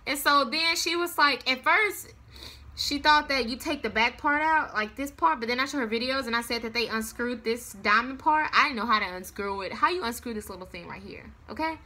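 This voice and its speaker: High, bright young woman vlogging. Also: moderate pace, a little hiss or hum. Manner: dramatic, animated storytelling. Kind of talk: casual storytelling to camera.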